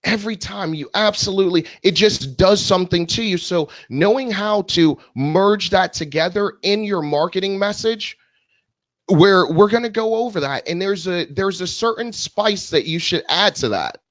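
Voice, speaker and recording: High-voiced man stumbling through a pitch. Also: lively intonation, dry recording. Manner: halting, stumbles and restarts. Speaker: webinar co-presenter. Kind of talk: casual webinar explanation. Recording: dry, dull audio.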